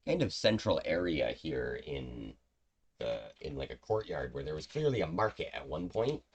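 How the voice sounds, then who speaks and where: Gravelly-voiced male game master. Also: extremely low pitch, sing-song, normal speed. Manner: meandering, filler-heavy narration. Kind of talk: narrating a tabletop game.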